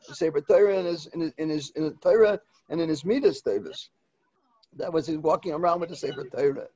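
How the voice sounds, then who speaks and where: Older rabbi, eulogy sermon; halting, repeats himself; slightly high voice, dull dry recording. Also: male voice, warm tone. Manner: halting, repeats words, mixes in Hebrew and Yiddish terms. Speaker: rosh yeshiva giving a eulogy.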